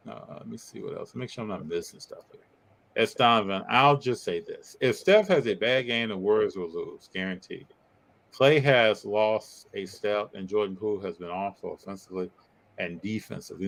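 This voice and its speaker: A man co-hosting a casual live stream and reacting to viewer comments about basketball, with a teasing, animated delivery. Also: rough recording. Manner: animated, teasing, pitch jumps up when joking. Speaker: co-host reading live chat.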